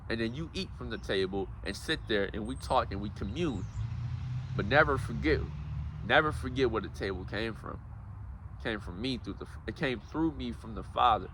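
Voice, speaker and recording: A man's voice: mid-range voice, pushed and bright, slight background noise. A man giving a casual, preachy motivational talk, calling his listeners guys and bro. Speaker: self-help speaker.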